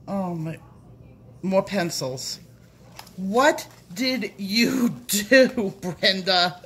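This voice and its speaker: Middle-aged woman host, unhurried delivery, breathless gushing, faint background hiss. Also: medium pitch, lively intonation, fairly bright tone. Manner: breathless, gushing, repeated exclamations. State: shaky with excitement. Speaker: coloring channel host. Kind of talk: excited unboxing vlog.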